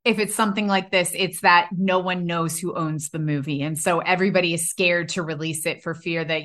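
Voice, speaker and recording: A woman's voice: on the low side, steady tone, a little fast, few pauses, fairly bright tone. Enthusiastic woman podcast co-host. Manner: enthusiastic, swearing freely. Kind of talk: casual chat.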